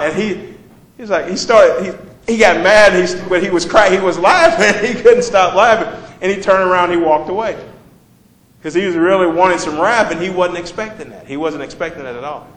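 A man's voice: high-pitched, a little fast, a bit bright. Man preaching a casual sermon, echoey room. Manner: conversational, asks the congregation questions.

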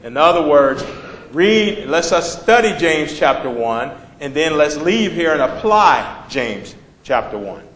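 A man's voice: fairly high pitch, big pitch swings, measured pace, a bit bright, echoey room, a little hiss or hum, low-quality recording. A man preaching a conversational sermon, reading scripture and asking the congregation questions as he explains it.

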